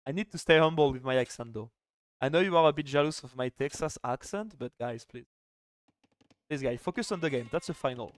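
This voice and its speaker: A man's voice: mid-range voice, animated, normal speed. A young man casting a live strategy game final, chatty and joking, with lots of "like" fillers. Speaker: esports caster.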